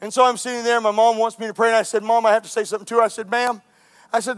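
A man with a high voice delivers an impassioned sermon to his congregation. He moves from raised, emphatic declarations to hushed, earnest pleading. His preaching sounds like it is delivered in a church. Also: fairly even intonation, brisk, clear, resonant tone. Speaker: pastor.

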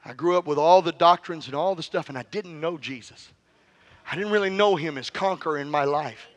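A man's voice: on the high side, brisk, no room sound. A middle-aged male pastor preaching a fervent sermon with call-and-response, telling stories and joking with the congregation.

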